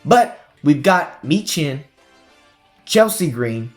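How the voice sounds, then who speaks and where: A man hosting a casual wrestling prediction chat, recapping storylines in an animated way. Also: on the high side, slow, faint music behind. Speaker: wrestling podcast host.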